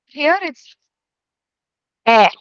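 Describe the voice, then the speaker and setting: A woman student gives tentative answers in an online lesson. Her voice sits a little high and sounds dry and dull over the call. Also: lively intonation, very slow, fairly bright tone, no room sound.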